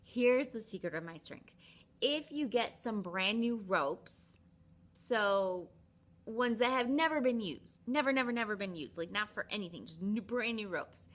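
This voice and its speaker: A woman's voice: mid-range voice, animated, a little slow, a bit bright. A woman voicing an overconfident strongman who boasts in an offhand way. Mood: boastful.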